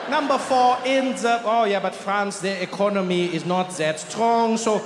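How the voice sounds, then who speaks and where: A man voicing a boastful man who keeps revising his country's rank, getting smugger and louder. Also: high voice, normal speed, roomy sound, background noise, close to an everyday voice. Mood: smug, building. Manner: self-correcting, growing smug and loud. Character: boastful German man ranking his nation.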